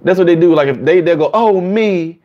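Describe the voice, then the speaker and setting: A man with a fairly high voice hosts a casual live chat, answering viewers in an animated way. He slips into higher voices to act out what others say, and the sound is dull and lo-fi. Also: rapid-fire. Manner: animated, acts out quotes in higher voices, laughs often.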